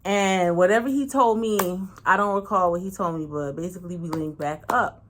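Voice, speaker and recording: A woman's voice: fairly quick, slight background noise. A woman tells a personal story casually. She talks frankly and slangily, swears freely, and acts out each person's lines. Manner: animated, acts out every voice with big pitch swings. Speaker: channel host.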